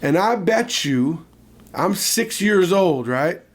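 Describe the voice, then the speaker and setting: A man co-hosting a casual podcast, telling a childhood story with animated asides. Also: sits high, slow pace. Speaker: podcast co-host.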